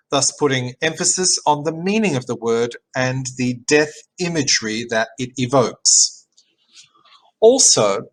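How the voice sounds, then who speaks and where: A man reading a written music analysis aloud in an even, measured way, as a teacher. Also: mid-range voice, poor audio. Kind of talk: read-aloud academic narration.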